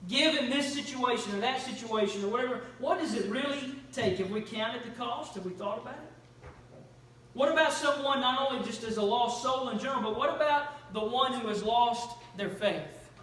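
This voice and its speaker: High-voiced preacher, echoey church. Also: male voice, normal speed, few pauses, a bit bright. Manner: earnest, questioning, storytelling. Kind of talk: sermon. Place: church sanctuary. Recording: echoey church room, faint noise.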